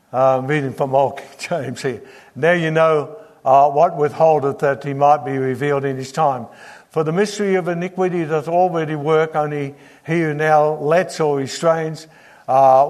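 Male preacher, slightly high voice, teaching sermon with scripture reading and questions to the congregation.

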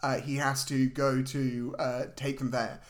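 A man, retelling a film plot in a jokey, sweary, animated way as a podcast co-host. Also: mid-range voice, measured pace. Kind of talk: casual film recap chat.

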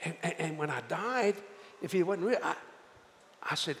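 An older man preaching a storytelling sermon, folksy and animated, acting out the voices of the people in his tales. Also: high-pitched, brisk, slight background noise. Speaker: evangelist. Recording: echoey hall with faint ambience.

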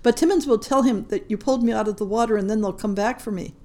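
A woman's voice: fairly high pitch, fast talker, warm tone, lightly acted. A woman reading a short story aloud, voicing a tearful young Frenchwoman in hiding, in an earnest, urgent way. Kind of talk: audiobook reading.

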